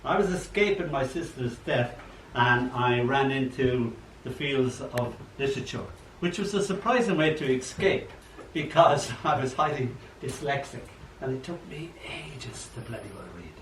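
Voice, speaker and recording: Older poet, echoey and distant. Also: male voice, medium pitch, moderate pace. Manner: chatty, animated storyteller who acts out quotes. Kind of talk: poetry reading at an open mic. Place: old library room. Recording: echoey room, mic far off, faint hum.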